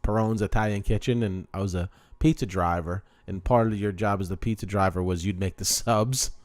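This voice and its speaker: A man's voice: fairly low pitch, a little fast, no echo. A man hosting a podcast, telling joking stories in casual chat. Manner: joking, animated storyteller. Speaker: podcast host.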